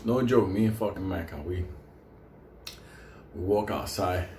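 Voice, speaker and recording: Male storyteller, lower-pitched voice, rambling and foul-mouthed, recorded in a reverberant room. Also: unhurried, darkish tone, slight background noise. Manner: digressive, swears constantly, laughs through his story. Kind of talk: casual profane anecdote. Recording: echoey room with faint ambience.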